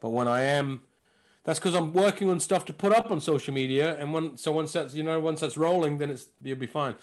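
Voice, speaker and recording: His voice sits on the high side and moves briskly. A stand-up comedian guesting on a podcast, he chats casually, tells stories with animation, and mimics other people's voices.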